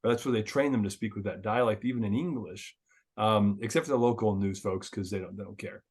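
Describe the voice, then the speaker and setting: A man's voice: fairly low pitch, brisk, husky. A man hosting a casual business chat, talking in a chatty way with lots of filler words.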